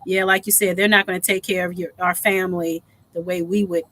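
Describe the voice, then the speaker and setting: A woman's voice: fairly low pitch, little pitch movement, a bit bright. A middle-aged woman in casual chat, agreeing readily and backing the others up. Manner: agreeable, quick to back others up.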